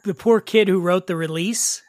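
Male podcast host, high-pitched, brash and excitable, swears freely, dry close recording. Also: normal speed, no echo. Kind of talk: casual chat.

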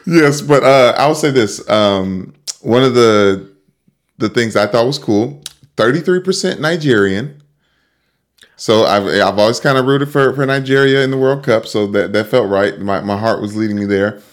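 A man's voice: mid-range voice, moderate pace. A young man co-hosting a sports podcast in casual chat, rambling with repeated words and frequent laughs. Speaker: podcast co-host.

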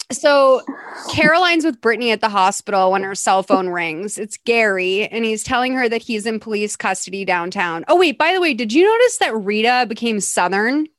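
A woman hosting a podcast, recapping a movie in casual, animated chat with lots of laughs and "like". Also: a little high, moderate pace, no room sound. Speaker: podcast host.

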